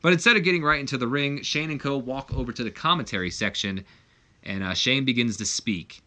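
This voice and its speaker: Male gaming narrator, casual chatty recap delivery, bright tone. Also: medium pitch, fairly quick. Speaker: video game commentator. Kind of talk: casual game playthrough narration.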